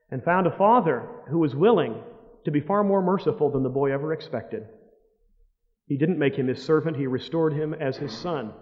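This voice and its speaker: A man preaching a sermon, telling stories dramatically, with loud outbursts that drop to hushed words. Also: fairly high pitch. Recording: dull long-reverb hall sound.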